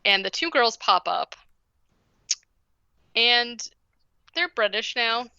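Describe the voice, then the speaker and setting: A woman's voice: fairly high pitch, lively intonation, takes it slowly, vocal fry, sharp tone, smooth, dry recording, muffled recording. A woman co-hosting a podcast, casually retelling a movie plot in a rambling way full of "like" and "basically". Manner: rambling, heavy use of "like". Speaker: podcast co-host.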